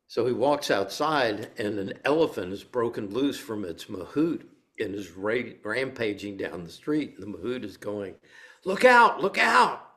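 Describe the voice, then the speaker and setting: A man's voice: on the low side, animated, normal speed. An older man leading a meditation group, giving a playful dharma talk with stories and laughing as he tells them. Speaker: meditation teacher.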